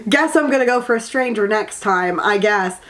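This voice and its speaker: A woman's voice: medium pitch, lively intonation, normal speed, fairly bright tone. A young woman giving a casual, candid book rant review, her voice still sounding sick and tired, sarcastic and fired up. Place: indoors in a house, in a spinning chair.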